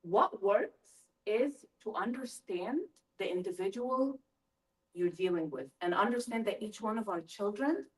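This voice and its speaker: A woman's voice: mid-range voice, unhurried. Engaging woman presenter, a bit far from the mic. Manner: lively, engaging, asks the audience questions. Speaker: school family-engagement presenter. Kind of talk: live parent workshop talk. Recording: voice from a distance from the mic.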